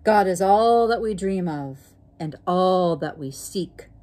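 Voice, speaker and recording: A woman voicing a wise old female turtle in a storybook reading, speaking slowly and softly. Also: on the low side, lively intonation.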